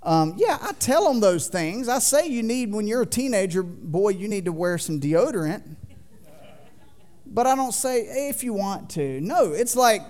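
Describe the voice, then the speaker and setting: Animated joking pastor preaching a sermon. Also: male voice, very high voice. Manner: animated, swings from loud to quiet; folksy, joking with the congregation. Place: church sanctuary.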